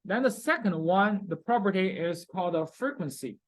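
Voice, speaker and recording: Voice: mid-range voice, lively intonation, moderate pace, rough recording. A chemistry lecturer in a recorded class, repeating key terms, checking in often with "okay?", and speaking with non-native grammar.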